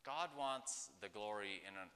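Very bright-voiced man with a chatty manner. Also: fairly low pitch, animated, a little slow. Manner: conversational, rambling, with many fillers and acted-out quotes. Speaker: pastor. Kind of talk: casual devotional talk. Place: outdoors. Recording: echoey hall-like reverb.

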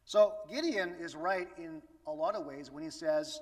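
Preacher, man, bright voice, chatty with rhetorical questions, heard from afar. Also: sits high, big pitch swings, normal speed, few pauses. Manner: conversational, asks the audience rhetorical questions. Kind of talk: sermon. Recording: echoey hall from far off.

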